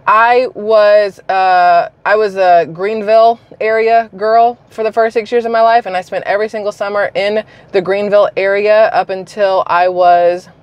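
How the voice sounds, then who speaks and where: A woman from South Carolina talks straight to her viewers in a casual commentary vlog. She is blunt and chatty, wanders off into side stories, then pulls herself back to the point. Her voice sits at an ordinary middle pitch. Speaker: YouTuber.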